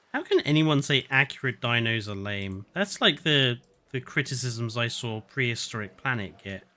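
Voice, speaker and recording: A man's voice: medium pitch, pushed and bright. A man chatting casually and sarcastically while live-streaming a game, often laughing.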